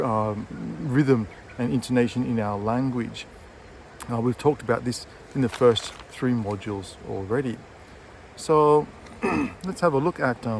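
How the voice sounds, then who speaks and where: A man talks through an English lesson in an easygoing, chatty way while walking his dog beside a river. His voice sits at an ordinary middle pitch, and faint traffic hums in the background. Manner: chatty, relaxed, with frequent fillers and self-corrections. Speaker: English teacher and textbook author. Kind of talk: casual outdoor video lesson. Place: outdoors by a city river.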